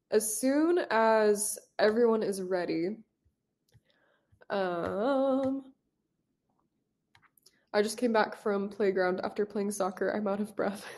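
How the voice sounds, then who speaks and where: A woman's voice: medium pitch, darkish tone. A woman teaching a live online English class, upbeat and encouraging as she talks to her students.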